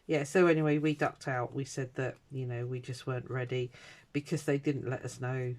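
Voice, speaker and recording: A woman's voice: extremely low pitch, fairly even intonation, moderate pace, a little mellow. A middle-aged British woman vlogging at her home craft desk, chatting in a rambling way with lots of ums and uhs. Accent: British English. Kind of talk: casual chat.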